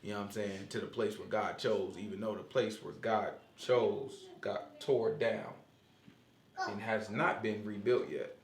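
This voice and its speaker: A man leading a casual Bible study discussion, talking in an animated, joking, conversational way. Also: on the low side, unhurried, reverberant.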